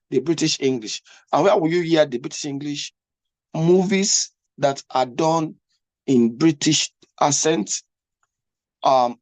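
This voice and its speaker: Recorded dry, a man with a higher-leaning, darkish voice teaches as an English test coach. He keeps repeating himself, stumbles through restarts, and asks the listener to follow along.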